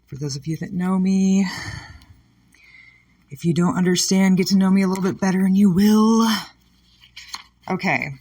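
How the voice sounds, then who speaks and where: A woman with a mellow, mid-range voice speaks a little slowly, pausing often, her intonation fairly even. She's a comedian hosting her own podcast, upset and talking candidly and emotionally about something painful in a scattered personal monologue with flashes of sarcasm.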